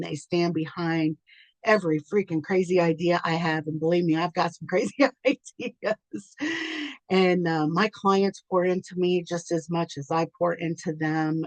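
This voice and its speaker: Chatty lower-voiced woman, dry close sound. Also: no room sound. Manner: chatty and warm-hearted, full of ums, quick to laugh at herself; tearful and moved toward the end. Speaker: business coach and podcast host. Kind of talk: unscripted heartfelt thank-you talk.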